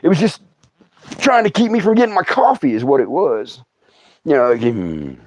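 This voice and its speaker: A middle-aged man telling stories on a livestream in a casual, animated way, laughing often and acting out other people's voices. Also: a little high, moderate pace, no echo. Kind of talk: casual storytelling.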